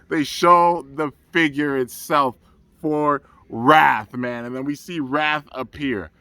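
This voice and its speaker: Eager male fan reviewer with a bright, forceful voice who rambles on outdoors. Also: a little high, slow pace, no room sound. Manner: rambling, enthusiastic, says "man" a lot. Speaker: anime reviewer. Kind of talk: excited episode review. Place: outdoors under trees.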